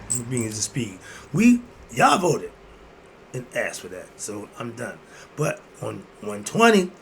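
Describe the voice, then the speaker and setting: A man giving an emphatic, preachy commentary monologue, firing off rhetorical questions and breaking into sudden loud bursts. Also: mid-range voice, vocal fry, a little hiss or hum.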